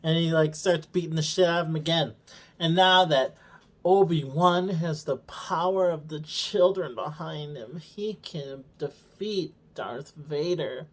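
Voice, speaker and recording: A man's voice: on the high side, a little slow, fairly bright tone. Sarcastic man swearing through a recap. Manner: sarcastic, swears a lot, acts out characters' lines mockingly. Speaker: show co-host reviewing a TV series. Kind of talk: casual profane recap.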